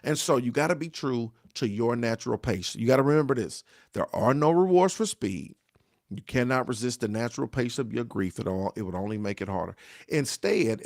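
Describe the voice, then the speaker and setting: A man's voice: medium pitch, no room sound, clean studio sound. A middle-aged man, a pastor, giving a devotional talk on grief in a repetitive, exhorting preacher cadence, often asking "right?". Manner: exhorting, call-and-response.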